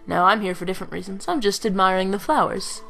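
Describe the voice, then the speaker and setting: A woman's voice: medium pitch, quick pace, gravelly, fairly bright tone, soft background music. A woman voicing a boisterous, leering male mercenary in a video game. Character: lecherous swaggering male mercenary.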